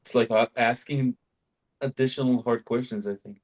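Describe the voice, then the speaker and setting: A man's voice: mid-range voice, steady tone, moderate pace. A man taking part in a sales training session, giving brief, hesitant answers.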